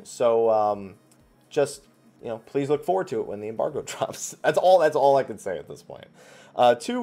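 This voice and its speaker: A man's voice: mid-range voice, dark tone. A man from New Jersey hosting a weekly Q&A, chatting casually as he answers viewer questions. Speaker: host. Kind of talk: casual Q&A chat.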